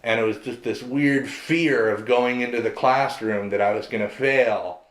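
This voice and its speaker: A man's voice: medium pitch, steady tone, normal speed. A man speaking bluntly in a personal interview. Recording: echoey room.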